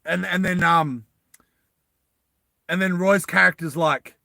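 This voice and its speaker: A man's voice: on the high side, fairly even intonation, creaky, sharp tone, no room sound. A man telling an improvised story to listeners in a rambling, loose way, with lots of fillers and restarts, and jumping into the characters' lines. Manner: acts out characters' lines in quick bursts.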